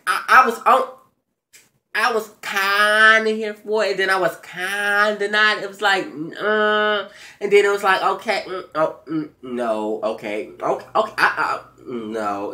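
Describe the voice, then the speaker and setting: Sassy, bright-voiced man doing a show recap. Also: a little slow. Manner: sassy, profane and animated, with big swings in pitch and loudness; stammers and restarts when excited. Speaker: YouTube show recap host. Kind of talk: casual reality-TV recap commentary.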